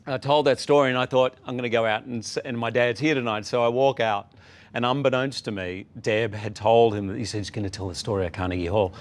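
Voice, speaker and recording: A middle-aged man, a talk-show guest, telling a story in a relaxed, animated way and acting out the people he quotes. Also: mid-range voice, quick pace. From Australia. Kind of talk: casual talk-show anecdote.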